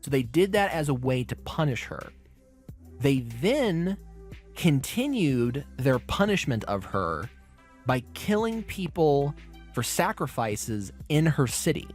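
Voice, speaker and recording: A man hosting a podcast, recapping a show in a casual, profane, animated way. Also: on the high side, slow, faint music behind. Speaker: podcast host.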